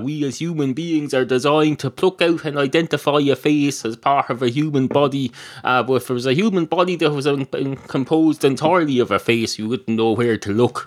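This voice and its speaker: A man's voice: mid-range voice, normal speed. An Irish man hosting a solo comedy podcast, rambling and interrupting himself, with the odd swear word. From Ireland. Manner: rambling, self-interrupting, profane. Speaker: podcast host.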